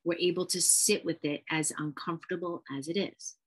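Earnest woman therapist teaching, lowish voice. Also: steady tone, moderate pace, breathy edge. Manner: earnest, emphatic, repeats key phrases. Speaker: therapist and channel host.

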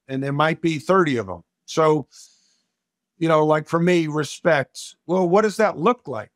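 A man's voice: a little high, dry recording, studio quality. A middle-aged man, a coach and speaker, talking emphatically in an interview and repeating words as he starts each thought. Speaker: coach and corporate speaker, podcast guest. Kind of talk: conversational interview storytelling.

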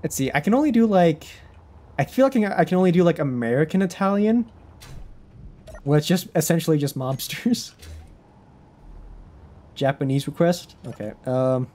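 A man's voice: fairly high pitch, very animated, moderate pace, long pauses, a little mellow. Rambling young male game streamer. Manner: rambling, self-interrupting, laughs often. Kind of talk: casual live-stream chatter.

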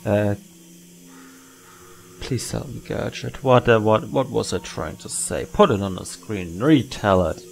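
A man's voice: on the low side, a little slow, vocal fry, slight background noise. A tired man giving late-night gameplay commentary, muttering and rambling to himself as he works through puzzles. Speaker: gamer playing a puzzle game.

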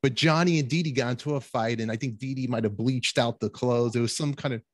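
A man's voice: mid-range voice, quick pace. A man hosting a podcast interview, chatting eagerly and often echoing his guest's words. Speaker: podcast host. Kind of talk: casual interview chat.

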